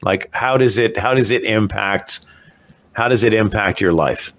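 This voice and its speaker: A man's voice: lowish voice, unhurried, fairly bright tone. A man hosting a podcast interview, asking rambling, searching questions. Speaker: podcast host.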